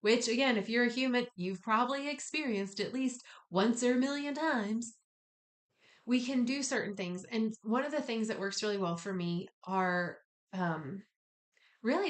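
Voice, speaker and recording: A woman giving a casual spiritual wellness talk, conversational and gently encouraging with slangy asides. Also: on the high side. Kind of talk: casual spoken guided talk.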